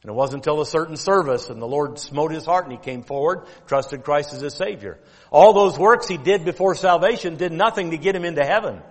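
A male pastor preaching a sermon with emphatic, drawn-out stress on key words and quotes of King James scripture. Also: a little high. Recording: long reverb of a church hall.

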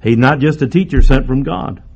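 A man preaching a sermon, emphatic, moving between raised and hushed delivery. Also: mid-range voice, moderate pace, vocal fry, husky, highs cut off.

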